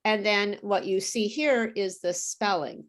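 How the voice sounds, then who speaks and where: A woman tutoring English pronunciation over a video call, explaining slowly and patiently. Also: medium pitch. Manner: slow, careful teacher explaining with apologies and laughs. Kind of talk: online pronunciation lesson.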